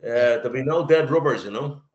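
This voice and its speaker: A man's voice: medium pitch, quick pace, darkish tone, lo-fi sound, a little hiss or hum. A man with a London Cockney accent, co-hosting a podcast with dry, joking remarks. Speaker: podcast co-host. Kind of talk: casual chat. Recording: roomy echo.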